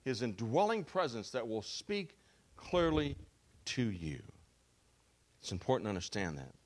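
A man preaching a sermon as a pastor. He reads scripture and explains it with emphasis, going from loud to soft. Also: mid-range voice, sing-song, measured pace. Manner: emphatic, with wide swings between loud and soft.

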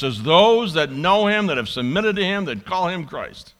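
A man's voice: on the high side, big pitch swings, normal speed, a bit bright. A male pastor preaching a sermon, acting out a pleading prayer with drama and repeating his key lines for emphasis.

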